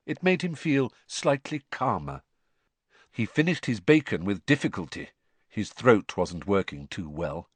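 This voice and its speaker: A man narrating an audiobook in an expressive storytelling manner. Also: on the low side, measured pace, breathy edge, no echo. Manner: expressive, varied storytelling delivery.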